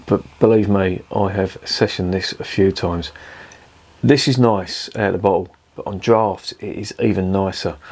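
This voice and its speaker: A man's voice: low-pitched, darkish tone. A man hosting a casual beer review vlog, chatty and jokey and swearing freely as he talks. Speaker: beer reviewer, channel host.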